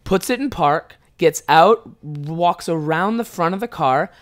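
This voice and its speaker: A man's voice: a little high, expressive, a little slow. Laughing, profane young man telling stories. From Ontario, Canada. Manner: rambling, profane, laughing often. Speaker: podcast host. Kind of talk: casual storytelling.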